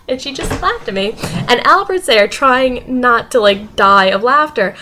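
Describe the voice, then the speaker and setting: High-voiced young woman vlogging. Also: moderate pace, slight background noise. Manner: animated, laughing often, acting out quoted voices. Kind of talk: casual storytelling vlog.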